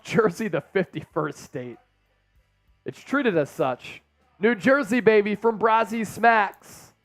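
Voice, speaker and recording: High-voiced hyped man calling plays. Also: no room sound, clean studio sound. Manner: energetic, hyped fan banter. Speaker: live stream host doing play-by-play. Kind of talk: excited live play-by-play commentary and chat shout-outs.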